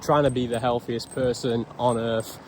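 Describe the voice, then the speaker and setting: A man's voice: mid-range voice, flat delivery, moderate pace. Young man, casual vlog rant, blunt, sarcastic, lots of swearing, faint street noise behind. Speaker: vlogger.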